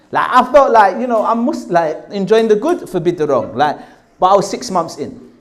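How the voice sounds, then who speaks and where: Animated man telling his story. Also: high voice, moderate pace. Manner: animated, self-mocking, acts out dialogue. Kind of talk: storytelling talk.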